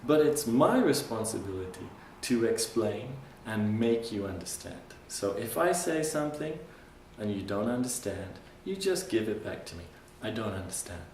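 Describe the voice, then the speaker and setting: A male English teacher giving a classroom lesson, patiently repeating phrases slowly for his learners. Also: on the low side, animated, a little mellow, slight background noise. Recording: roomy classroom sound from a distant mic.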